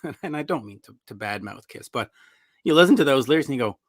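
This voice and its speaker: A man guesting on a podcast as a rock music commentator, telling animated stories and acting out fans' surprised reactions. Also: mid-range voice, quick pace, no echo, clean studio sound. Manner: sardonic about song lyrics. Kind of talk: casual interview chat.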